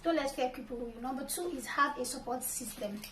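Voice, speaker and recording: A young Nigerian woman with a high, bright-toned voice talks through her tips one by one in an upbeat, chatty vlog. She sits back from the mic in an echoey room, with a faint hum of ambience behind her. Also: brisk, recorded from a distance. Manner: upbeat, gives numbered tips. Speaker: vlogger, law graduate. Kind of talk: casual advice vlog.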